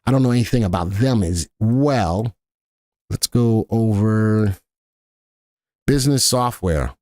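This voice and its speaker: A man hosting a live stock market analysis stream, chatty and thinking aloud, spelling out ticker letters slowly. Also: on the low side, a little mellow, no echo, clean studio sound. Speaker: stock market show host.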